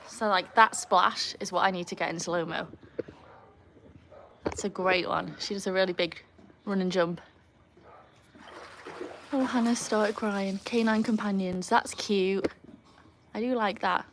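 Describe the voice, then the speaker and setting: Hosting a live stream by a home pool with her dogs, a young woman from England and Wales chats with viewers, answers their questions, and lets out loud woohoos for the dog. Her mid-range voice is fairly even and unhurried with long pauses, against a noisy background of pool pump and faint outdoor sounds.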